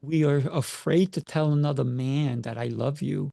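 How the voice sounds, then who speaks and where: A martial arts coach talks in a casual interview, firing off rhetorical questions with real emphasis. His voice sits a little high for a man, with a gravelly edge and a warm, mellow tone. The sound is dry and close, from a video call. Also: fairly even intonation, moderate pace, no room sound.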